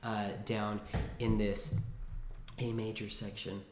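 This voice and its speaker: A man's voice: lowish voice, little pitch movement, slow. Man teaching piano in an echoey room. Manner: chatty, thinks aloud with restarts, sings phrases between words. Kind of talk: casual piano lesson. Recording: roomy echo with piano. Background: piano played between phrases.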